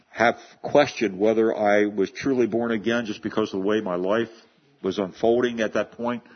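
Man, pastor, sermon, earnest, husky, lowish voice, dull lo-fi sound. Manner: earnest, repeats words while building a point.

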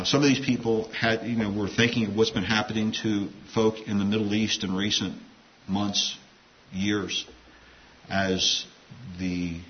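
A man with a lowish voice preaches in a loose, talky way, wandering into asides. The recording is dull and lo-fi, with a faint hiss running underneath. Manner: conversational, digressive, with asides. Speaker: pastor. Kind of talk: sermon.

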